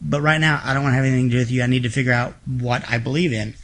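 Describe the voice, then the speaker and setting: A man in a relaxed interview, telling personal stories with a feisty, frank edge and a ready joke. His voice sits at an ordinary middle pitch for a man, and he talks with casual, candid humor. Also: rapid-fire. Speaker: interview guest. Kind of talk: casual storytelling conversation.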